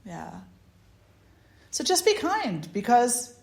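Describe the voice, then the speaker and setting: A woman leading a satsang as a spiritual teacher, giving an informal talk full of anecdotes, animated and chatty, often laughing and restarting her sentences. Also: a little high, slow. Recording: roomy echo.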